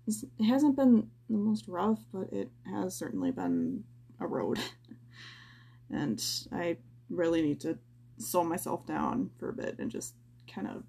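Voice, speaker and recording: A tired young woman hosting a personal podcast, venting in a slow, halting way with sighs and stammers, her voice low and close to tears. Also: dark tone. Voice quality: low, gravelly voice. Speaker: podcast host.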